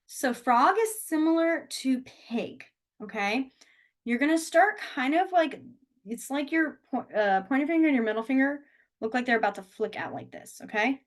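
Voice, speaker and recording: A woman teaching a beginner sign language class over a video call from a small room, explaining step by step in a chatty way and laughing often. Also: fairly high pitch.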